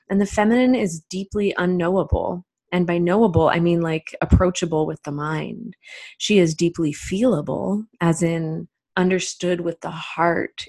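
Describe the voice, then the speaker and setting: A woman giving a reflective spiritual talk as a teacher, speaking gently with drawn-out, unhurried phrasing. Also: lowish voice.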